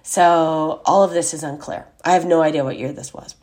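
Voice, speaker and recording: A woman's voice: deep voice, steady tone, moderate pace, a little mellow. A woman hosting a podcast, telling a rambling personal story in a chatty, casual way with lots of fillers and asides. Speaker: podcast host.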